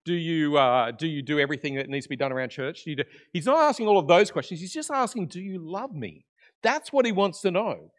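Lively man preaching a sermon. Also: on the high side, fast, hardly any pauses. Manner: conversational, animated, swings from loud emphasis to quiet asides. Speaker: pastor. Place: church.

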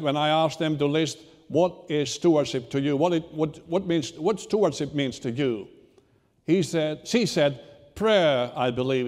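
A man's voice: fairly high pitch, darkish tone. Guy preaching, stops and restarts a lot, churchy echo. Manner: unhurried, halting delivery with repeated restarts. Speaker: pastor. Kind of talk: sermon. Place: church sanctuary. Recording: reverberant church hall.

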